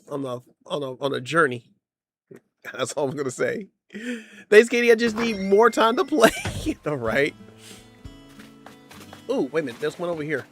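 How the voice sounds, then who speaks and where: A streamer giving casual live-stream gameplay commentary, playful and slangy, often laughing and teasing the chat. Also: medium pitch. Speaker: game streamer.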